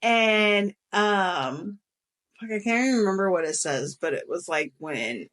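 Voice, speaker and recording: A woman's voice: medium pitch, lively intonation, a little slow, a bit bright. A woman co-hosting a casual podcast chat, candid and blunt with casual swearing. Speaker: podcast co-host.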